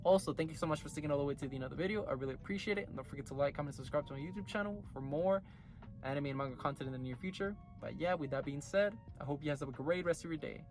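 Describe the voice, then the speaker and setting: A man's voice: fairly high pitch, racing, faint music behind. Rambling man recapping an anime episode. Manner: rambling, full of "like" and "you know" fillers. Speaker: anime reviewer. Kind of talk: casual recap and review.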